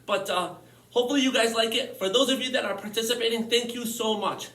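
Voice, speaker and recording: A man's voice: very high voice, fairly even intonation, fast, a bit bright. A man teaching a home workout lesson, upbeat and encouraging, a little out of breath from demonstrating the exercises. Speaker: physical education teacher. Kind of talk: casual online lesson. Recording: echoey room, mic at a distance.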